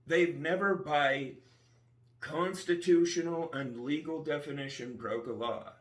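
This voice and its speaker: A man's voice: on the high side, unhurried, reverberant, recorded from a distance. A man vlogging in a rambling, casual monologue, often trailing off with "anyway". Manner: rambling, restarts sentences, frequent "anyway".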